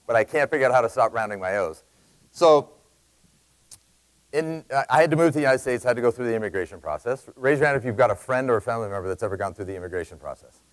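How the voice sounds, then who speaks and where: A Canadian man giving an energetic sales talk to a live audience, telling a story in quick bursts with loud emphasis. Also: mid-range voice, low-quality recording. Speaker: sales speaker.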